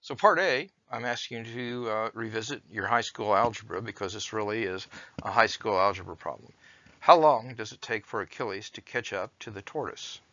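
Male teacher, measured explainer, bright forceful tone, dull lo-fi dry recording. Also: lowish voice, dry recording. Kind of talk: recorded lecture with read-aloud story.

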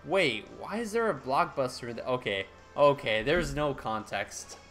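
Talking at a normal speed, this man sounds animated, his medium-pitched voice fairly bright over soft background music. He's from the United States and is casually chatting on a live game stream, answering his viewers' messages with easygoing laughs.

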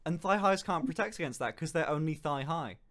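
A man's voice: a little high, lively intonation, brisk, a bit bright. A man chatting casually on a stream, joking, swearing and laughing a lot.

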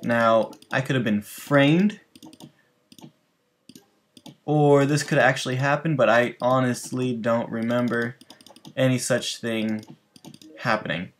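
A man's voice: mid-range voice, fairly even intonation, slow pace, long pauses, slight background noise. A man hosting a gaming channel, telling loose, rambling stories over gameplay and talking straight to his viewers. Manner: rambling, loose, full of restarts and asides to viewers. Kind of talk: casual storytelling over gameplay.

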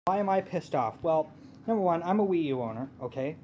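A man giving an angry, profane rant about a game console presentation, halting with fillers. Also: a little high, animated, mellow, dull audio, a little hiss or hum. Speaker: gaming YouTuber. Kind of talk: casual rant to camera.

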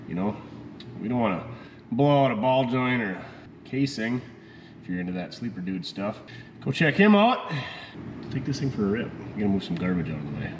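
A man's voice: low-pitched, noisy background. A man hosting a repair vlog, bantering casually and joking in slang while he works on an old car. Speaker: mechanic vlog host. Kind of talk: casual running commentary while working. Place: shop working on an old car.

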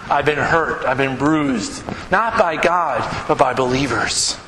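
A man preaching a live sermon as pastor, telling stories emphatically and dropping to hushed, earnest tones. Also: mid-range voice, slow. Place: church sanctuary. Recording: echoey church hall, noisy live recording.

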